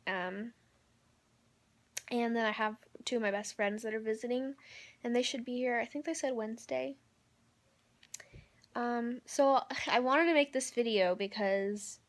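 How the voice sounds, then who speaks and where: A young woman giving a candid, rambling personal video update from a hospital room, with lots of ums and likes. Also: a little high. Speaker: vlogger.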